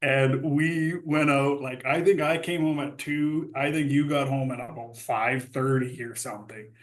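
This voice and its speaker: A man's voice: mid-range voice, fairly even intonation, a little slow, reverberant, low-quality recording. A man telling old hockey stories in casual podcast chat, laughing often and acting out quotes. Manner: laughing storyteller, acts out quotes. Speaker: podcast host.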